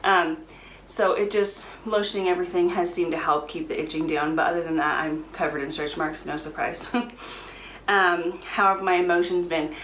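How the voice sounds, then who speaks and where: A young woman chatting casually to her camera, in a slightly low voice and a talkative manner, often slipping in ums. The recording carries a roomy echo from a home room with a faint background hiss. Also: fairly even intonation, normal speed, a bit bright. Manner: chatty, frequent laughs and ums. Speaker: vlogger. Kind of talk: casual pregnancy update vlog.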